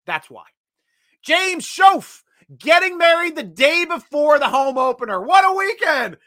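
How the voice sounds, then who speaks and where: Extremely high in pitch and a little slow, with no echo, a man chats energetically on his casual sports fan livestream. He reads viewer comments aloud and erupts in loud excitement now and then.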